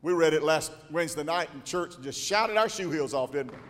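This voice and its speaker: An older pastor preaching a storytelling sermon in a folksy drawl, his voice sitting a little high and swelling into shouts. It rings in a long church reverb. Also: expressive, a little fast.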